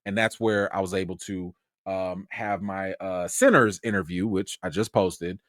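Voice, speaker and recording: A man from Chicago, a film critic hosting his own channel, telling an excitable, slangy story on a livestream. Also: sits low, unhurried, no room sound, studio quality.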